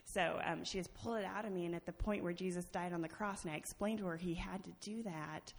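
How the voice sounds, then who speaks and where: A woman's voice: fairly low pitch, steady tone, fast talker. Chatty woman telling a church testimony. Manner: chatty storytelling, laughs often, many fillers. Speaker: church children's teacher sharing a testimony. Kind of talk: personal testimony to a congregation. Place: church sanctuary. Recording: long reverb of a large hall.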